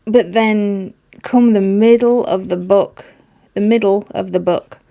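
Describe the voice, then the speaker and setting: Mellow-voiced woman reviewing a book. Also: medium pitch, steady tone, slow, creaky. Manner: emphatic, exasperated, repeats words for stress. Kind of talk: casual spoken book review.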